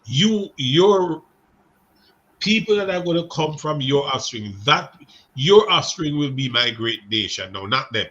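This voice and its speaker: A man's voice: fairly high pitch, animated, measured pace, a bit bright, lo-fi sound. A man voicing God as a stern, fed-up deity in a blunt, dismissive tone while teaching a Bible class. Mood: exasperated.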